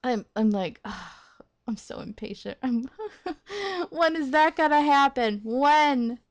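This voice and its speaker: Animated, playful woman commenting on a game. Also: sits high, slow. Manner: animated, playful, laughs often, rambling asides. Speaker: let's play host.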